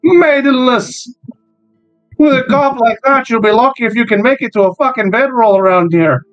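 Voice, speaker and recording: A man's voice: extremely high pitch, normal speed, no room sound, muffled recording, soft background music, voice pushed up. A man voicing a crude, mocking male town guard in a tabletop game, speaking in a coarse, jeering way.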